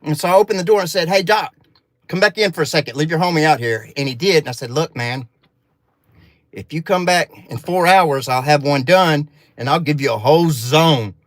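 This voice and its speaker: A man's voice: a little high, a little fast, no room sound. A man from Arkansas with a Southern accent, telling a rambling, profane story in a folksy, casual way.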